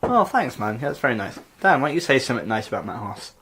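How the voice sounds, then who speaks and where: A man's voice: sing-song, fast talker, a bit bright, slightly rough. A young man hosting a comedy podcast, bantering and laughing as he chats with his co-host. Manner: bantering, bursts into high-pitched laughs. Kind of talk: joking casual chat.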